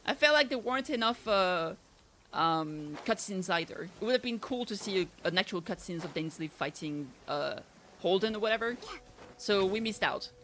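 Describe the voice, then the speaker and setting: A woman with a light French accent chats casually with her stream viewers. Her voice is bright and clear. She rambles, restarts sentences and fills the gaps with ums. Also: mid-range voice, animated, moderate pace, slight background noise. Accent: slight French. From France. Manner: chatty, rambling, many fillers and restarts.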